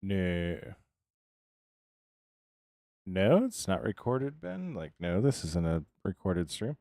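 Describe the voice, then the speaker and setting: A man's voice: sits low, very animated, slow, dark tone, dry recording, studio quality. An American man live-streaming a building game, chatting casually with viewers and rambling between tasks as he answers them by name. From United States.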